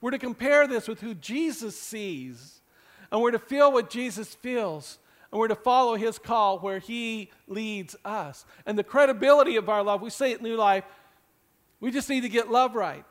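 A man's voice: extremely high pitch, normal speed. A middle-aged man preaching a sermon as pastor, earnest and conversational with joking asides.

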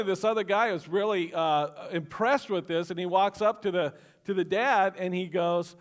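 A man's voice: sits high, steady tone, moderate pace, few pauses. A man preaching a sermon, in a conversational way, asking the congregation questions and repeating key phrases for emphasis. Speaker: pastor.

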